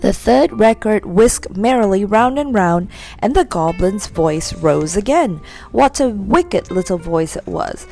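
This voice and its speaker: A woman reading a children's story aloud in a lively, expressive way. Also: mid-range voice, measured pace, creaky, faint music behind.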